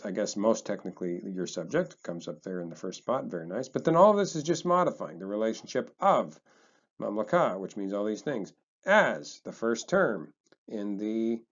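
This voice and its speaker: Low-voiced man teaching casually. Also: muffled recording. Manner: relaxed, chatty, thinks aloud with fillers. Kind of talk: casual explanatory lesson.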